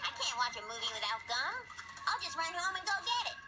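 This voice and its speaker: A woman's voice: extremely high pitch, sing-song, fast, over loud music. Angela Anaconda, a wry cartoon schoolgirl. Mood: sarcastic. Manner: wry, sarcastic asides. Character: sardonic young schoolgirl, scheming. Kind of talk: cartoon voice acting.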